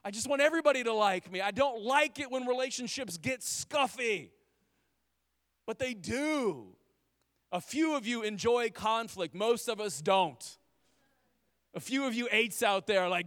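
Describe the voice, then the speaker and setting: High-voiced energetic male pastor. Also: unhurried, no echo, studio quality. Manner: energetic, conversational, frequent restarts and "like". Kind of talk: sermon.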